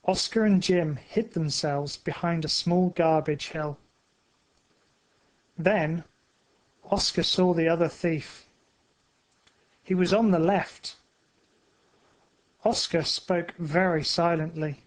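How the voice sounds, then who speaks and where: A man narrates a simple story for English learners in a high, light voice. He reads very slowly, pausing between short phrases so each sentence lands clearly. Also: fairly even intonation. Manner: careful, evenly spaced phrasing. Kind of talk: slow graded-reader narration for English learners.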